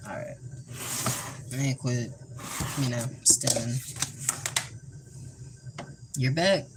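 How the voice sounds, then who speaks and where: A goofy, rambling streamer talks slowly and loosely while cooking in a home kitchen. The voice sits at a middling pitch. The recording has a clearly audible noise floor with clicks. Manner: goofy and rambling, with sound effects. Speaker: livestream host. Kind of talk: casual cooking livestream chat. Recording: noisy with clicks.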